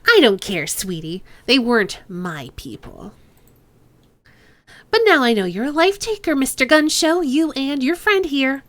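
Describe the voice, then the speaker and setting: Nasal sing-song gang boss lady, a woman doing the voice, teasing and lively, game. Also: fairly low pitch, unhurried, hardly any pauses, no room sound. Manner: teasing, drawling with pet names. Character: brash sing-song female crime boss.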